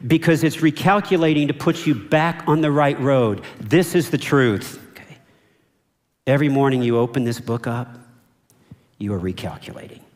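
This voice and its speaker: Pastor preaching in a reverberant hall. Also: male voice, medium pitch. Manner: emphatic, repeats key phrases, asks the congregation to join in. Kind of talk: sermon. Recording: long reverb of a large hall.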